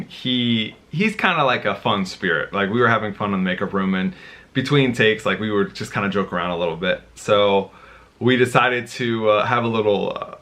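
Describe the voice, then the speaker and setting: A man vlogging, telling a rambling, animated story with many restarts. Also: on the low side. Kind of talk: casual storytelling to camera.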